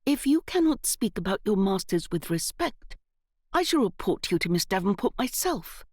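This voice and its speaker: A woman's voice: mid-range voice, very animated, normal speed, a little mellow, dry recording, clean studio sound. A woman voicing a severe young aristocratic lady speaking haughtily. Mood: commanding.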